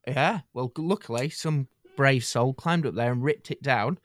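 A man's voice: medium pitch, moderate pace, no room sound. A man rambling and hesitating through a casual comedy podcast chat. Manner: rambling, hesitant, tangent-prone. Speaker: podcast co-host.

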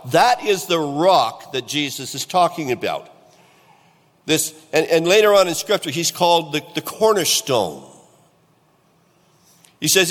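A man's voice: fairly high pitch, lively intonation, unhurried, long pauses, fairly bright tone, big-room sound. A middle-aged male pastor delivering a sermon in a conversational way, asking the congregation questions. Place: church.

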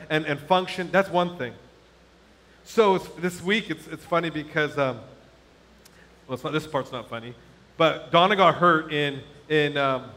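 Middle-aged pastor guy preaching, high bright voice, goes from hushed to shouting, big hall echo. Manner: animated, candid, swings from hushed asides to shouting. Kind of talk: sermon storytelling. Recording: long hall reverb.

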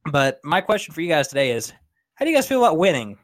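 A man's voice: fairly high pitch, very animated, fast talker. A man calling in to a talk show over a crackly internet line, rambling with many hesitations. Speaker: caller. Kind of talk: casual call-in chat. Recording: crackly internet call audio.

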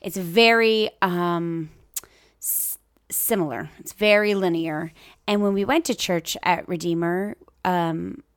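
A woman's voice: lowish voice, slow pace, dry recording, studio quality. A woman from Maine, co-hosting a faith podcast, speaking earnestly and reflectively in casual chat, with some hesitation. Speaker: podcast co-host.

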